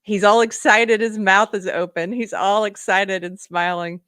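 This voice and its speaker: A woman's voice: mid-range voice, unhurried, smooth, no echo. Sarcastic lady host ranting on a livestream, laughs a lot, dry sound. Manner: animated, sarcastic, laughs often. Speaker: host of live political commentary show. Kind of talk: casual live-stream commentary.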